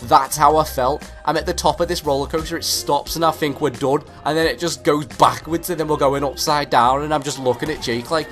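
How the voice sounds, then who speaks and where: A young man with a British accent telling a comic story to camera, animated and exaggerated, swearing freely. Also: on the high side, brisk, hardly any pauses, faint music behind. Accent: British English. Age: young adult. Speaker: vlogger.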